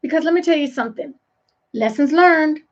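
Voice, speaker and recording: Emphatic high-voiced woman coach, lo-fi. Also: fairly quick. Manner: emphatic, preachy, repeats phrases. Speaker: leadership coach. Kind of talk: motivational live talk. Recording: dull lo-fi sound.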